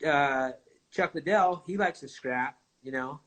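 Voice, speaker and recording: A man talking as a guest in a casual conversation, relaxed and rambling with many fillers. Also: a little high, a little slow. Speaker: guest, fighter.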